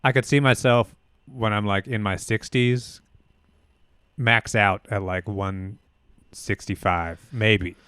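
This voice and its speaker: A man co-hosting a podcast, easygoing and agreeable, musing out loud in casual chat. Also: fairly low pitch, steady tone, slow, smooth, dry recording, studio quality. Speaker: podcast co-host.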